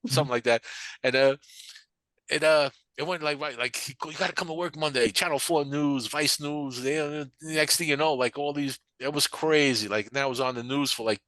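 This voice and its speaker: Older new guy rambling through his story, bright forceful voice, dry close sound, does little voices for people he quotes. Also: fairly high pitch, brisk, dry recording. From New York. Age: 60s. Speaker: painter and barbershop manager. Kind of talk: casual storytelling interview.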